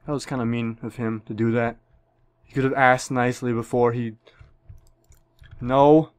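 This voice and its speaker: A man's voice: medium pitch, steady tone, moderate pace, clear, resonant tone, no room sound. A young man giving profane, joking commentary on a shooter game, with sudden yelps. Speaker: gameplay commentator. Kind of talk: casual gameplay commentary.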